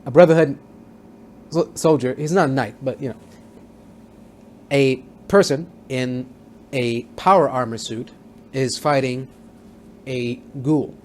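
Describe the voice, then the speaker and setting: A man's voice: mid-range voice, slow pace, long pauses, slight background noise. Rambling man recapping a TV episode. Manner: rambling, with many fillers and restarts. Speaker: TV show reviewer. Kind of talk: casual spoken episode recap.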